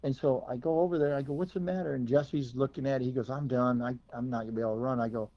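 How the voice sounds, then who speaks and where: A monster truck driver telling long stories in casual chat, rambling and animated. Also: male voice, mid-range voice, fast talker, muffled recording.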